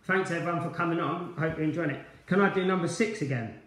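A cheerful man runs a quiz over a live stream, chatting and calling out viewers' names between questions. His voice sits a bit high for a man. The room around him is echoey. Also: fast talker, fairly bright tone. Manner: chatty, upbeat, greeting viewers by name. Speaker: quiz host, former player.

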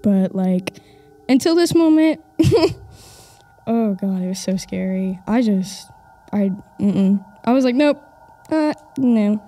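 A woman's voice: mid-range voice, slow, pauses often, warm tone. A young woman from the audience casually telling a ghost story, chatty with lots of fillers.

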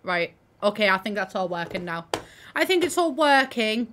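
A woman's voice: mid-range voice, big pitch swings, normal speed, fairly bright tone, slight background noise. A woman chatting casually on a gaming stream through a headset, swearing and laughing with a friend.

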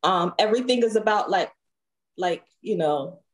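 A woman singer, a guest on a podcast, chatting casually and telling lively stories full of laughter and acted-out quotes. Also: mid-range voice, moderate pace. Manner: lively storyteller, laughs often, acts out quotes.

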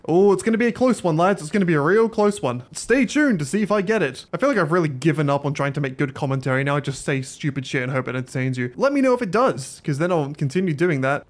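A man's voice: fairly high pitch, expressive, quick pace, hardly any pauses. A man giving casual gameplay commentary, sarcastic and self-mocking, swearing freely as he talks to his viewers. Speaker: gaming YouTuber.

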